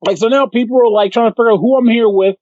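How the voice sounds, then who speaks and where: Swearing, animated male podcast storyteller. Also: very high voice, very fast, no echo, dull audio. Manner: animated storyteller, swears freely, acts out the people he quotes. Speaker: podcast co-host. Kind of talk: casual chat.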